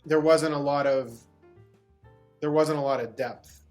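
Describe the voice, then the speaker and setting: A man's voice: fairly high pitch, fairly even intonation, a little slow, a little mellow, faint music behind. A man from Pittsburgh, a guest actor, tells a long anecdote in an interview, rambling with restarts and bursts of laughter. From Pittsburgh, USA.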